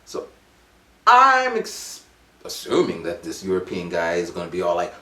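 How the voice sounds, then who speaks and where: A man in his forties telling a rambling, animated story at home. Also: deep voice, moderate pace, roomy sound. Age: 40s. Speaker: vlogger. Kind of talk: casual storytelling vlog.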